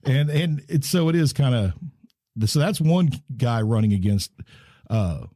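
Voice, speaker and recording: A man's voice: medium pitch, very animated, a little slow, mellow, dry recording, clean studio sound. A man, co-hosting a casual podcast chat about politics, wry and rambling with frequent restarts. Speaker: podcast co-host.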